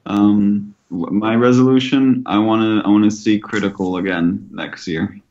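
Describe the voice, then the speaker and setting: Hesitant low-voiced man on a dull mic. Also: steady tone, normal speed, darkish tone, a little hiss or hum. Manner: hesitant, stammering, many "uh"s. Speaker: podcast co-host. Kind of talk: casual chat.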